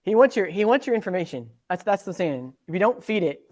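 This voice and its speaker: A man from Central Texas, a pastor and podcast guest, joking around in an animated way. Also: sits high, quick pace. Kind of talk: casual podcast chat.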